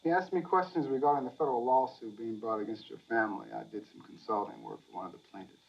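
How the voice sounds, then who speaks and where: A man playing a calm, pointed lawyer. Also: mid-range voice, fast talker, gravelly, lightly acted. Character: calm, pointed lawyer confronting a rich family. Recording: dull film audio.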